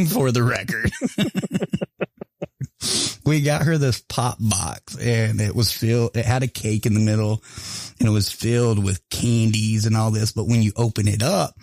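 A man's voice: medium pitch, darkish tone, no echo. A man hosting a casual talk show, laughing often and swearing casually, with stories and a store plug. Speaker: podcast host. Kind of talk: casual chat with ad read.

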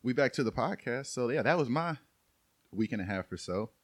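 A man's voice: medium pitch, animated, brisk, dry recording. A young man casually telling a story on a podcast while recovering from an injury, laughing often between lines. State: recovering from an Achilles tear. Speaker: podcast co-host. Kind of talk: casual chat.

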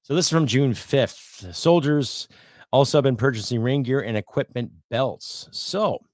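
A middle-aged Canadian man hosting his own podcast, ranting bluntly and profanely, swinging from loud outbursts to low muttering. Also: measured pace, no room sound, clean studio sound. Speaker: podcast host. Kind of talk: opinionated rant.

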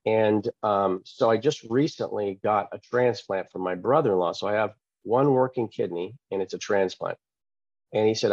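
Male pastor guest, low-pitched voice, animated storyteller who plays every part, dry close-mic sound. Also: no room sound, muffled recording. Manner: animated, acts out quoted dialogue. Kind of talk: storytelling testimony in an interview.

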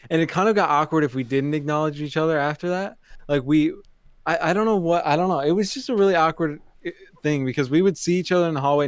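A man's voice: fairly high pitch, clean tone, no echo. A young man co-hosting a podcast, chatting casually and telling anecdotes while repeating phrases as he thinks. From Canada. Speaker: podcast co-host. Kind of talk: casual chat.

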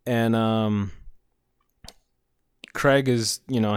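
A man's voice: lowish voice, steady tone, takes it slowly, clean tone, dry recording, studio quality. A middle-aged man telling a casual anecdote in a rambling way, often chuckling in the middle of his sentences. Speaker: storyteller.

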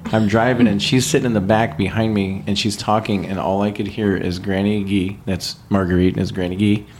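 A man from California hosts a podcast and tells a story in a loose, chatty way, swearing freely. His pitch jumps high when he quotes people. A faint hiss sits under the voice. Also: little pitch movement, brisk, a little mellow. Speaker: podcast host. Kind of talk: casual storytelling.

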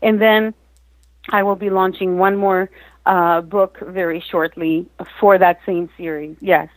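Woman coach telling a story, lively, keeps restarting, dry sound. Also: fairly low pitch, measured pace, no room sound, poor audio. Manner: lively, acts out quotes, frequent restarts. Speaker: guest, author and mindset coach. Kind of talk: animated storytelling in an interview.

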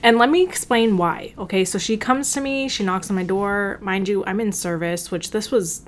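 Swearing, animated woman. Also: medium pitch, normal speed, a little hiss or hum. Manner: animated storytelling, swears often, acts out quotes. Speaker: podcast co-host. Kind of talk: casual chat.

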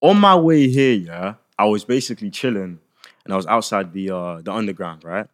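A young man co-hosting a podcast, joking in lively casual chat. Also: on the low side, a little fast. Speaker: podcast co-host.

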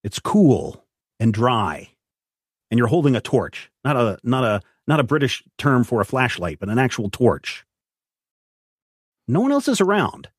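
Male game master, mid pitch, dry close sound, descriptive narration. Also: no room sound. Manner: descriptive narration with rules explanations, some restarts.

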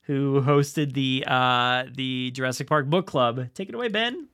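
A man's voice: medium pitch, measured pace, a bit bright, clean tone. A man hosting a podcast, chatting casually and laughing often while he talks. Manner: chatty, laughing, restarts a lot. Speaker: podcast host. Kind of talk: casual chat.

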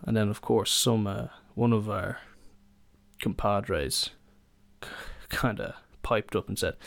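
A man's voice: on the low side, normal speed, creaky, a bit bright, no room sound. A young man, hosting a solo podcast and telling rambling stories in a casual chat, full of fillers and restarts. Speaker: podcast host.

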